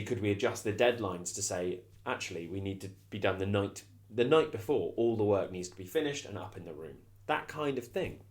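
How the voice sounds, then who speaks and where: A middle-aged man, giving a reflective, conversational self-help talk as a coach and often restarting his phrases. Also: on the low side. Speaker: coach and consultant.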